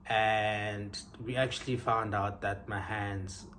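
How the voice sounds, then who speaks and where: Chatty man, low voice. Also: level tone, slow pace, a bit bright, slight background noise. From South Africa. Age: young adult. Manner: chatty, upbeat, frequent ums. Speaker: vlogger. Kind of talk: casual vlog chat.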